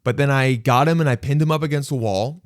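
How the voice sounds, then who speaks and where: A man at a middle pitch tells a story on his own podcast, animated and self-mocking, with casual swearing. His voice is close and dry, with no room sound around it. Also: fast talker, dry recording. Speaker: podcast host.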